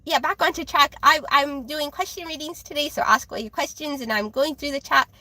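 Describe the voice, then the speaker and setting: A young woman with a high, childlike voice, chatting casually with viewers on a livestream while reading tarot. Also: brisk, pushed and bright, no room sound. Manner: chatty, giggly, reads chat aloud.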